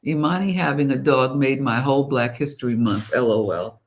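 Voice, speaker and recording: A woman's voice: very deep voice, moderate pace. An older woman co-hosting a casual live-stream chat, making wry, teasing remarks. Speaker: co-host.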